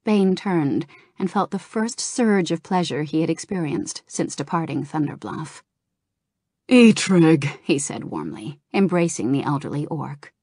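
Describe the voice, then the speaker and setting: Low, calm female narrator, dry. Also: no echo. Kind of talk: audiobook narration of a game novel.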